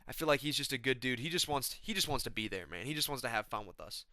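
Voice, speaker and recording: A young man riffing through a casual, slangy comedic monologue in a laid-back ramble. His voice is bright and clear, recorded close and dry. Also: mid-range voice, lively intonation, fast talker, no room sound. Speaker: vlogger.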